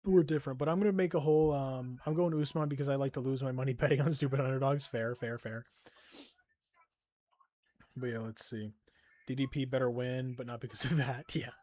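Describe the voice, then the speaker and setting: A man's voice: medium pitch, steady tone, fairly quick, warm tone, no room sound. A young man live-streaming a game and chatting casually, swearing constantly, joking and laughing often, and sounding tired. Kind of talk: casual stream chat while gaming.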